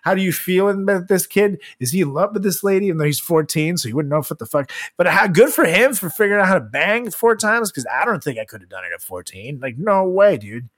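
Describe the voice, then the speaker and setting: A man's voice: high voice, lively intonation, fairly quick, few pauses, fairly bright tone. A young man co-hosting a podcast, chatting casually with crude jokes and many fillers. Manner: crude, joking, lots of fillers. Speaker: podcast co-host.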